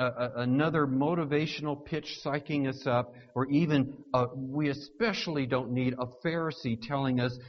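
Emphatic man preaching, lo-fi sound. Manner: emphatic, repeats words for stress; swings between hushed low lines and loud raised ones. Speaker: pastor. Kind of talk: sermon. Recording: dull lo-fi recording.

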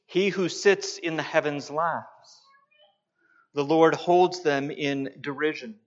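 A man preaching a sermon, slow and emphatic, pausing to stress his points. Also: on the high side, steady tone. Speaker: pastor. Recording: dull lo-fi sound.

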